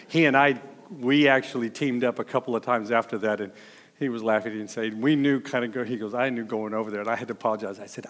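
Telling personal stories in his sermon, the pastor chuckles and acts out people's words. His voice is medium in pitch, fast, and fairly even in intonation, trailed by a long reverb tail.

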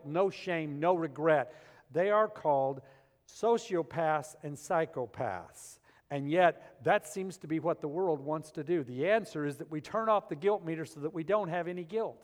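A man with a high voice preaches a sermon to his congregation, animated and dramatic, swinging between loud emphasis and hushed moments. The sound rings with the long reverb of a church sanctuary. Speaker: pastor.

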